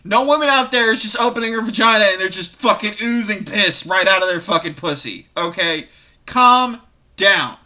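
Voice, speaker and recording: A man hosting a reaction video, ranting casually and profanely about online stories in a rambling, animated way. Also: high voice, normal speed.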